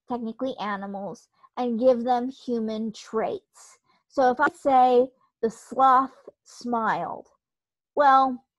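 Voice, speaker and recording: A woman's voice: a little high, no room sound, rough recording. A woman writing instructor talking through a recorded online lecture in a conversational way, explaining with examples.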